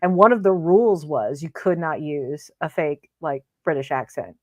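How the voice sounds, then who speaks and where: A woman co-hosting a podcast, chatting in an animated, enthusiastic way. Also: deep voice, normal speed, no room sound. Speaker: podcast co-host. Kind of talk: casual chat.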